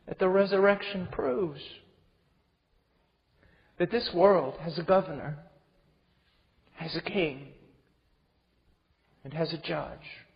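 A man preaching a sermon with passion, swinging from hushed tones to shouting. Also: high voice, gravelly. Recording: dull recording with long hall reverb.

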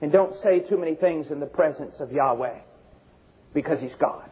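Fervent preacher man, high voice. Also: moderate pace, husky. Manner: fervent, swings from shouting to low intense tones. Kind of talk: sermon. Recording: dull lo-fi recording.

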